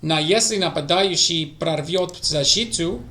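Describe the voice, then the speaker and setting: A man streaming a casual study session, talking to himself and drifting into quiet mutters. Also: a little high, a little slow, a little hiss or hum. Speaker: streamer learning languages. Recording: echoey room.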